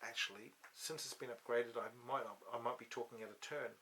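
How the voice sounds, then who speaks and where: A man's voice: mid-range voice, steady tone, fairly quick, pushed and bright, slight background noise. A man hosting a casual studio chat, rambling with many restarts and ums, on a studio microphone. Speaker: host. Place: podcast studio.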